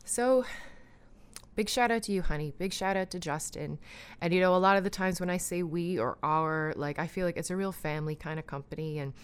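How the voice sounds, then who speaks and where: A woman in her thirties from Canada, hosting a podcast and leading a breathing exercise, talking in a rambling, heartfelt way with many pauses and restarts. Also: fairly low pitch, clean tone. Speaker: podcast host and breathwork guide. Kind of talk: casual heartfelt thank-yous, then guided breathing.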